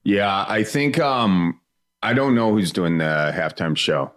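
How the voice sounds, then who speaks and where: A man's voice: lowish voice, slow pace, fairly bright tone. A man co-hosting a casual chat, curious and full of questions. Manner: curious, asks many questions.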